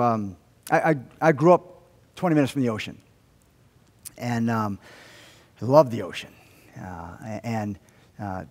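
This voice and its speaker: Animated preacher man in a reverberant church. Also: medium pitch. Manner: animated storytelling with humor and acted-out quotes. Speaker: pastor. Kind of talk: sermon. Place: church sanctuary.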